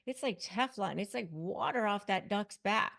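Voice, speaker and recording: A woman's voice: medium pitch, expressive, normal speed, gravelly, fairly bright tone. A middle-aged woman, a lawyer and negotiation coach, giving emphatic, repetitive advice straight to camera. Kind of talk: direct-to-camera advice talk.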